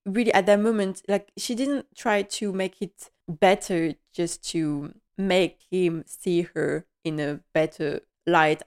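A woman's voice: lowish voice, clean tone. A woman host giving a casual, gushing episode recap, emotional and full of fillers.

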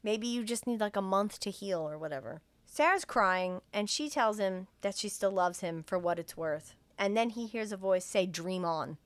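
A young woman casually recapping a film for her co-host, laughing often and jumping into loud, raised voices when she quotes the characters. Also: mid-range voice, animated, normal speed, few pauses, dry recording. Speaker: podcast co-host retelling a film. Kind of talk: casual chat, recapping a movie scene by scene.

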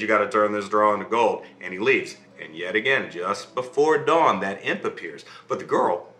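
A man telling a fairy tale to an audience, animated and checking in with his listeners. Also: fairly low pitch, reverberant. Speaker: storyteller.

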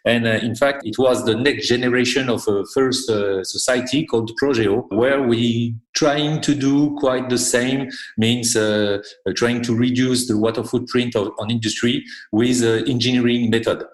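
A man with a French accent, a company founder answering interview questions with many pauses and "uh" fillers. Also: medium pitch, steady tone. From France. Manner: halting, many "uh" fillers and restarts. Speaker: company CEO guest. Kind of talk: conversational interview. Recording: roomy echo.

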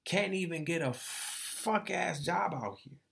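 A man's voice: a little high, slow, vocal fry, a bit bright. A young adult man hosting his own podcast, speaking in a candid, profane, emotional monologue and repeating phrases as he vents. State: tearful. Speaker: podcast host.

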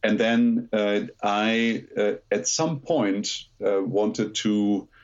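German-accented guy on a podcast, lowish voice, kinda muffled lo-fi sound, chatty and joking. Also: extremely slow. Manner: lively storytelling, self-deprecating humor. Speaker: podcast guest, aerospace lawyer. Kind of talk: conversational podcast interview.

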